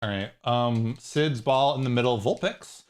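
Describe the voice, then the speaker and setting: A man streaming a game, chatting casually and rambling, swinging from high squealing outbursts to low trailing mumbles, swearing freely. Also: unhurried, clear, resonant tone. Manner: rambling and excitable, jumping into high squeals and mock outrage. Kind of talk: casual livestream chat while gaming.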